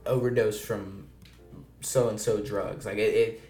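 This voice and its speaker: A man's voice: fairly low pitch, steady tone, slow, warm tone, echoey room, faint music behind. A man co-hosting a podcast in casual chat, rambling and restarting often and swearing casually. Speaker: podcast co-host.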